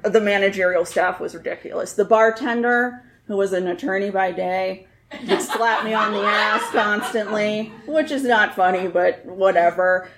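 A woman's voice: medium pitch, echoey room, slight background noise. A woman telling a personal story on stage with a wry, candid, laughing manner.

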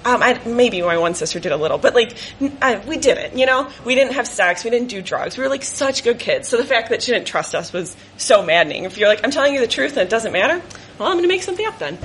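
A woman in her twenties telling a personal story live on stage, animated and laughing often as she acts out family voices. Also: fairly high pitch, fast, a little hiss or hum.

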